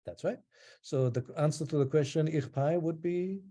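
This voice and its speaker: A man teaching an online language class, explaining in a relaxed way with frequent ums and pauses. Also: fairly high pitch.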